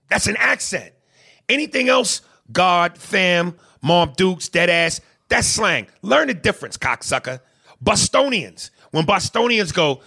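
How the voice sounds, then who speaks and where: A man ranting in a heated, profane podcast conversation, swinging between loud bursts and quiet asides. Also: sits high, big pitch swings, unhurried, gravelly, husky. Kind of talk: heated casual rant.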